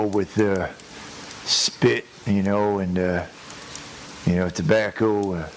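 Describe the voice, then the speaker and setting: A man's voice: fairly low pitch, slight background noise, poor audio. A man voicing a rambling, crude redneck character who tells a long joke full of hesitations and restarts. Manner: crude, chuckles at his own story. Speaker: prank caller telling a joke. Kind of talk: rambling prank-call joke telling.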